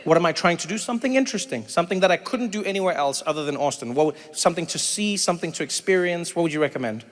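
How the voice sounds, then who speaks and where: Racing along in a fairly high voice, this South African comedian and host spins a story and banters with the audience, animatedly imitating other people. Faint noise and long reverb from the live venue are audible.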